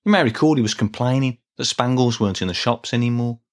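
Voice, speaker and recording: A man's voice: medium pitch, fast. A middle-aged man hosting a solo podcast, talking in a chatty, rambling, self-deprecating way with small restarts. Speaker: podcast host. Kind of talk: casual solo podcast talk.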